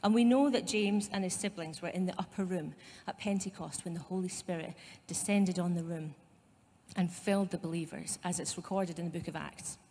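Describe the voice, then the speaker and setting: A woman's voice: fairly low pitch, a little fast, darkish tone, long reverb tail. A woman pastor with a Scottish accent giving a conversational sermon, with asides to her congregation. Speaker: site pastor. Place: church.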